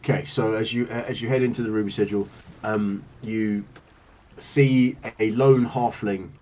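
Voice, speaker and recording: A man's voice: fairly low pitch, fairly even intonation, normal speed, mellow, recorded from a distance, slight background noise, low-quality recording. A man narrating as game master, rambling with lots of fillers and laughing as he describes scenes.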